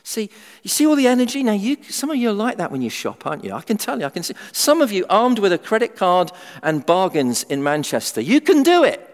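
A middle-aged man preaching a sermon in a humorous, animated way, acting out everyday voices. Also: sits high, brisk. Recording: long hall reverb.

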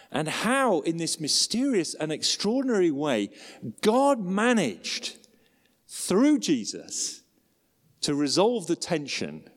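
A man preaching a sermon with expressive emphasis and rhetorical questions. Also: a little high. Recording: long hall reverb.

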